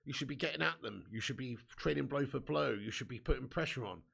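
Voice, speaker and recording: A man's voice: medium pitch, fast talker, creaky, pushed and bright, breathy edge. A young man hosting a live football watch-along, reading out viewer comments and ranting bluntly about his team's heavy loss. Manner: blunt, sweary, frustrated fan banter.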